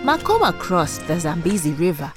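A woman narrating a children's folk tale, expressive and animated. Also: lowish voice, normal speed. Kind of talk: storybook narration. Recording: music underneath.

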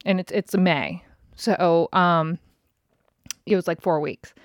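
A woman's voice: on the low side, fairly even intonation, takes it slowly, no room sound. Woman, 30s, podcast host, casual storytelling, exasperated, swears a lot, dry close mic. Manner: chatty, exasperated, swears freely.

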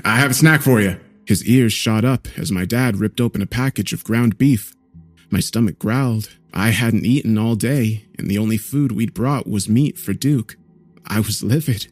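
A man narrating a horror story in a measured, somber way. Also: fairly low pitch, a little mellow.

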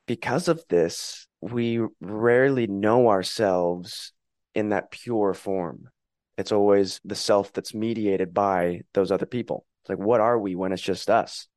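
A man speaking calmly and earnestly in a reflective conversation, sometimes acting out inner voices. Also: on the low side, no room sound, studio quality. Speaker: podcast guest.

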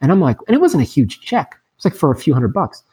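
A man in his thirties, a podcast guest in recovery, telling a story in a casual, animated and emphatic way. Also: a little high, quick pace, breathy edge.

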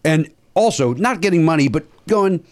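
A man hosting a casual comedy podcast, his voice a little higher than most and swinging widely as he talks. He tells stories quickly, with plenty of swearing and jokes. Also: lively intonation, a little mellow. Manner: profane, quick storytelling. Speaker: podcast host.

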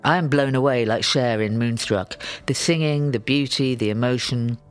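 Brief: male narrator, mid pitch, wry memoir reading with lively storytelling. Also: moderate pace, smooth, soft background music.

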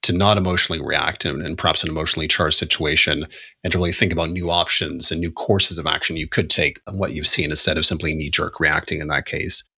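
A man co-hosting a podcast, calmly explaining ideas and asking his guest questions. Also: a bass voice, fast talker, breathy edge. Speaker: podcast co-host. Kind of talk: reflective conversational chat.

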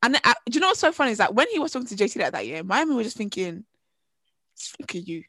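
A woman's voice: a little high, sing-song, very fast, bright, forceful tone, no echo. A woman, co-hosting a podcast in casual chat, animatedly retelling gossip and acting out quotes. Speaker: podcast co-host.

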